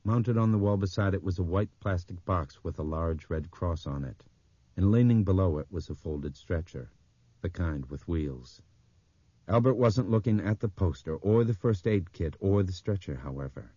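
A man narrating an audiobook in a measured, even storytelling manner. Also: deep voice, husky, no room sound, highs cut off.

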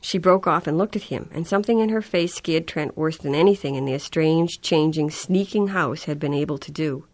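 Low-voiced woman reading a novel. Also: moderate pace, few pauses, a little mellow. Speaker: audiobook narrator. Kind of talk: scripted narration.

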